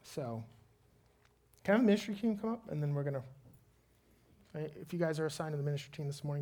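A man, a father of a young child, preaching as a pastor and telling a lively personal story before slowing into earnest prayer. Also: a little high, faint music behind.

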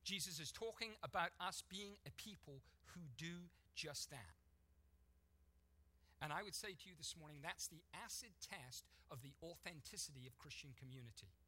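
A man preaching a sermon to his congregation, emphatic and building to forceful peaks. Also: on the high side, lively intonation, normal speed. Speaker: pastor.

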